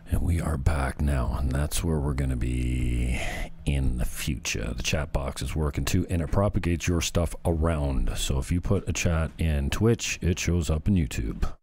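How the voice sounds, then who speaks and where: A man's voice: very deep voice, normal speed, a little mellow, a little hiss or hum. A male podcast host in casual solo commentary, rambling and sarcastic.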